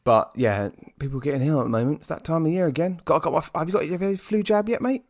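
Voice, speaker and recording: A man's voice: on the high side, quick pace. A young British man co-hosting a podcast in a jokey, upbeat, chatty way. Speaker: podcast co-host. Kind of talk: casual chat.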